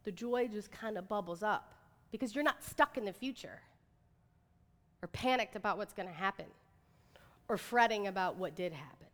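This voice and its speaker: Woman, 30s, motivational speaker: chatty and animated, bright tone, recorded live in a reverberant hall. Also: medium pitch, normal speed, pauses often. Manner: chatty, animated, says "like" and "right?" often. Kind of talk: inspirational talk to an audience.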